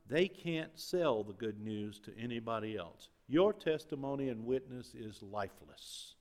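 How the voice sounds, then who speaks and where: A man preaching a sermon as pastor, swinging between loud and quiet passages. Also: medium pitch, expressive, unhurried. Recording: long reverb of a large hall.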